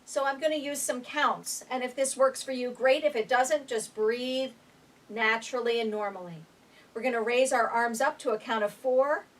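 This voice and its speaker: A woman instructor calmly leading a guided chair breathing exercise, counting breaths aloud with gentle instructions. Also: on the high side, normal speed. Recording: voice picked up from a distance.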